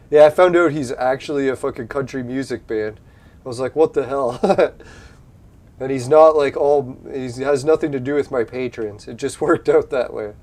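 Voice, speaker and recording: Speaking at normal speed in a mid-range, darkish-toned voice, a man chats casually over his gameplay for his gaming channel. He laughs often and swears freely in this let's-play commentary.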